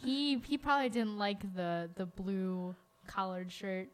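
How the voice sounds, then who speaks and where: Young woman radio co-host, from Georgia, jokey and drawn-out delivery. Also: mid-range voice, clear, resonant tone. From Georgia, USA. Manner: playful, joking, drawn-out words. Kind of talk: casual radio chat.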